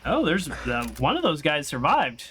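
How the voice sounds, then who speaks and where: A young man with a bright, forceful voice talks through his game in a loose, rambling way. He drifts into long stories between moments of play, with a faint hiss of noise behind him. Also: fairly high pitch, wildly swooping pitch, moderate pace. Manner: rambling and chatty, tells stories while playing. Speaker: gaming channel host. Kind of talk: casual let's-play commentary.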